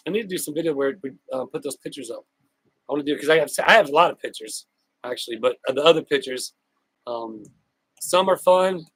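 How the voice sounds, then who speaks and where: A man hosting a casual outdoor live stream, greeting viewers by name in a chatty, upbeat way with drawn-out shout-outs. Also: a little high, husky, dry recording, rough recording. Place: outdoors on a hot day with a fan.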